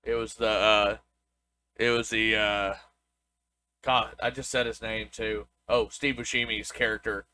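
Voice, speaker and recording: A man's voice: lowish voice, flat delivery, measured pace, sharp tone, clear, resonant tone. A young man co-hosting a podcast, chatting loosely, laughing and often restarting his sentences. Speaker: podcast co-host. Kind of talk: casual chat.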